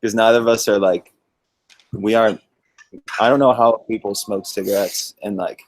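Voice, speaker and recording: Man, hoarse smoker's throat, very deep voice, laid-back call-in chatter. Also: fairly even intonation, moderate pace, poor audio. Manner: laid-back, rambling with many likes. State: hoarse from smoking. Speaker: guest on a video call. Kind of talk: casual chat. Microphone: video call.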